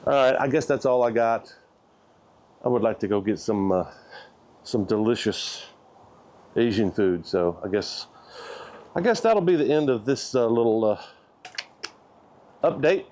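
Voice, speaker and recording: A man vlogging a personal update, talking in a halting, thoughtful way with frequent restarts. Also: mid-range voice, lively intonation, a little mellow. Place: outdoors, walking.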